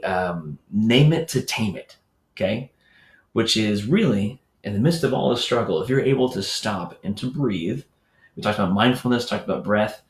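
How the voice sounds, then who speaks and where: A man's voice: fairly low pitch, roomy sound. A man hosting a morning enrichment show, talking casually to parents and telling stories with lots of fillers and asides. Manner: conversational, storytelling with filler words and asides. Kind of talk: casual teaching talk to parents.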